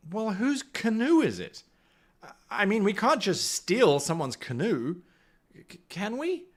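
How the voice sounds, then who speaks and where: A man's voice: sits high, wildly swooping pitch, slow, slight background noise, voice pushed up, full character voice. A man voicing a young male woodland warrior who nervously second-guesses himself in rambling questions. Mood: fretful.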